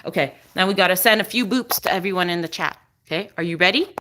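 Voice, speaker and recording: A woman's voice: on the low side, fast, pushed and bright, slight background noise. A woman chatting on a casual live stream, explaining dog breeds to viewers and cooing at her dog between remarks.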